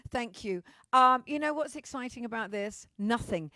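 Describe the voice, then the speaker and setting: A woman's voice: on the high side, lively intonation, moderate pace, sharp tone, no room sound. Brassy, foul-mouthed British woman. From Britain. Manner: bawdy, swearing, theatrical. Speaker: host of an online show. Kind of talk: comedic casual monologue.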